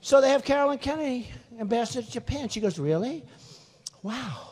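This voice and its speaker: Speaking fast in a very high-pitched, slightly mellow voice, this sixties-aged political candidate rambles through a boastful, repetitive rally speech. The large hall gives the recording a long reverb.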